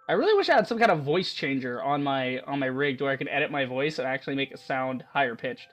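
Excitable, rambling man commenting on a game. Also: mid-range voice, quick pace, hardly any pauses, faint music behind. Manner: excitable, rambling, laughs often. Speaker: let's-play host.

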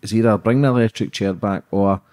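A man hosts a podcast in casual interview talk. His voice is lowish and dark, and his manner is blunt and outspoken, with plenty of swearing. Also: steady tone, brisk. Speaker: podcast host.

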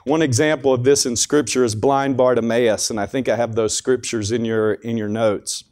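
A man speaks at a school chapel in a relaxed, conversational devotional talk. He often restarts and repeats words as he goes. His pitch sits in the middle range. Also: normal speed.

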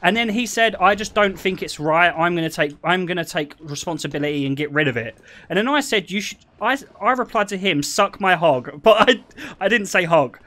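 A man's voice: high voice, fairly quick. A man, a streamer telling stories in casual chat, swearing and breaking into laughter. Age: 20s. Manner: animated storytelling, swearing and bursting into laughter.

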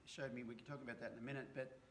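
A man who trains horses, talking casually in a live video with a relaxed, rambling way of telling stories and frequent restarts. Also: mid-range voice, rapid-fire, slight background noise. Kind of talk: casual conversational chat.

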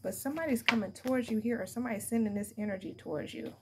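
A young adult woman gives her viewers a casual tarot reading, talking very fast with few pauses in a high-leaning voice. She's a tarot card reader who is blunt and profane and laughs often as she goes. Heavy background noise sits under the recording.

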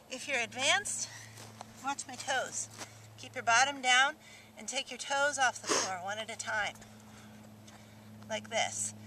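A high, bright-voiced woman coaches an outdoor workout, upbeat and encouraging as she walks through each exercise. She is recorded outdoors in the countryside on a camera mic. Faint background noise sits behind her. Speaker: fitness instructor. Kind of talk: workout demonstration. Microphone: camera mic held by a cameraman.

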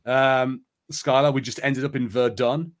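A man's voice: mid-range voice, fairly even intonation, unhurried. A man hosting a live play-along stream, chatty and rambling, reading an adventure book aloud. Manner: chatty, rambling, many fillers.

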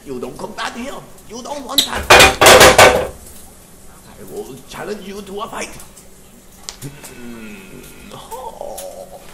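A man's voice: medium pitch, very animated, slow, creaky, very noisy, full character voice. An actor playing a stern, bossy immigrant father who barks short commands in broken English with a Korean accent. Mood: boastful. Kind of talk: comedy sketch acting. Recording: echoey room with loud music.

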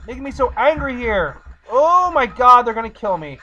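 Exasperated gamer doing let's play commentary over faint game music, mid pitch, slightly muffled audio. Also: big pitch swings, normal speed, few pauses, sharp tone.

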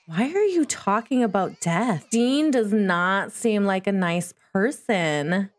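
A woman's voice: mid-range voice, expressive, slow, hardly any pauses. A woman giving chatty, playful commentary while playing a life-simulation game, talking back to the characters on screen. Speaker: gaming video host. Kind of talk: casual gameplay commentary.

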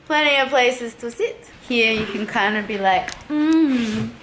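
A woman's voice: on the high side, moderate pace, background noise. A woman vlogging in a playful, casual way, stretching out her exclamations. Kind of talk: casual vlog chat.

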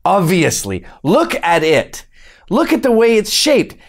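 A man's voice: high-pitched, wildly swooping pitch, unhurried, gravelly. A man delivering a mocking, sarcastic political rant full of profanity. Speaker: political commentator.

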